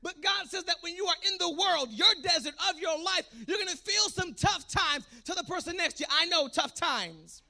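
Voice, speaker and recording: A male preacher of Puerto Rican background delivers a fervent call-and-response sermon, moving from quiet asides to shouted exhortations. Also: extremely high pitch, a little fast, creaky, few pauses.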